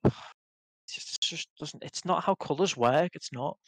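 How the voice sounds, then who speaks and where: A man's voice: fairly high pitch, normal speed, fairly bright tone, dry recording. A man co-hosting a podcast in casual, stubborn, joking banter. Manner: stubborn, playful banter with frequent laughs. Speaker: podcast co-host. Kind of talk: casual chat.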